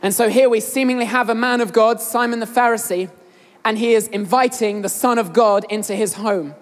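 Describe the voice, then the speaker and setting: A woman's voice: a little high, steady tone, a little fast. English woman preaching in a reverberant hall. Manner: earnest, addresses the congregation directly. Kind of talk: sermon.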